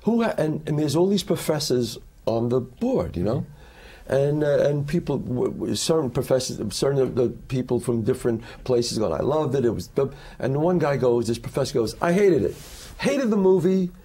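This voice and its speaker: A man, an actor, talking as a guest in an interview and telling animated stories in which he acts out other people's lines. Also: mid-range voice, normal speed, slightly rough. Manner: lively storyteller who acts out the quotes.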